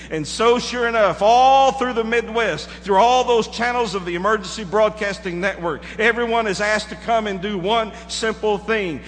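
A man preaching a dramatic story in a high, bright, forceful voice. He swings from loud to hushed. He is heard in a reverberant hall with faint noise behind him. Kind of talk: sermon illustration.

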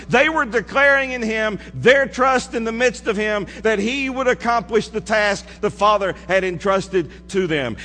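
A man preaching a sermon in a church, dropping to hushed low asides and rising to emphatic declarations. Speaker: pastor. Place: church sanctuary. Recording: hall reverb with mains hum.

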